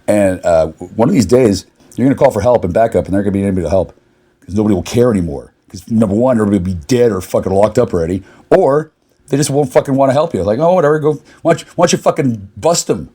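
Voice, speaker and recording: A man's voice: lowish voice, expressive, very fast, warm tone, breathy edge. A man delivering a furious, confrontational rant to the camera, swearing constantly. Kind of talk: angry profane rant.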